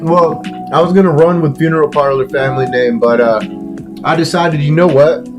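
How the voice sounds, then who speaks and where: A man with a slightly high voice hosts a casual gaming podcast in a laid-back way, reading out chat and cursing now and then. Music plays clearly under his voice. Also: moderate pace. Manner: laid-back, swears, reads chat aloud. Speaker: podcast host.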